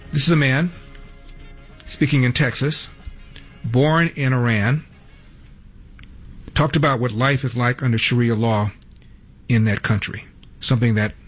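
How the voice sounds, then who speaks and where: A man reading scripted news introductions in a brisk way. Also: medium pitch, breathy edge, soft background music. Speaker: news host.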